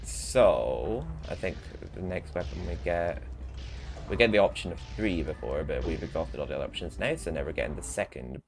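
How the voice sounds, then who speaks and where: Give me a deep, lively man casually commentating a game over music. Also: normal speed. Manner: chatty, laughs often, swears. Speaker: streamer.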